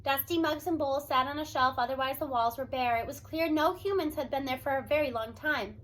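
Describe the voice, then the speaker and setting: A woman reading a children's novel aloud with expressive storytelling. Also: high voice, a little fast. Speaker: reader. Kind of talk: children's book read-aloud.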